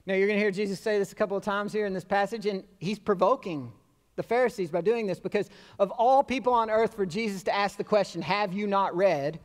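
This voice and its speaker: A male pastor preaches in a relaxed, talkative way, slipping in a joke at his own expense. His voice sits high for a man. The sound carries the long reverb of a church sanctuary. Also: fast. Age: adult with children. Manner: conversational preaching with self-deprecating humor and acted-out quotes. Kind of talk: sermon.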